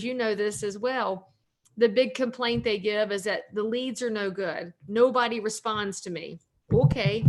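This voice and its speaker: Chatty Southern woman in her forties. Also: fairly high pitch. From North Carolina, US. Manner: talkative, joking, upbeat. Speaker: realtor and author, guest. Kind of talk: casual interview chat.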